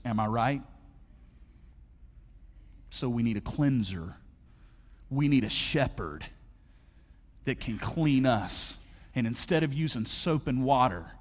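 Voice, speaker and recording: Preacher, energetic and conversational. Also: male voice, mid-range voice. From Alabama, USA. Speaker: pastor. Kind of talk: sermon. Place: large church auditorium. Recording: long hall reverb.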